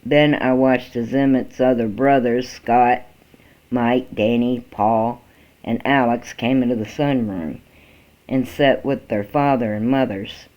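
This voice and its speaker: A male amateur reader narrates a first-person story in a slow, halting way and sometimes restarts a phrase. His pitch sits mid-range, and the recording is dull and lo-fi. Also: steady tone.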